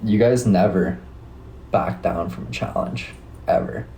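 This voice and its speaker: A man's voice: on the low side, a little slow, mellow, a little hiss or hum, rough recording. A young Canadian man with a Canadian accent, hosting a casual live stream, chatting laid-back with viewers and swearing freely. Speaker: livestream host.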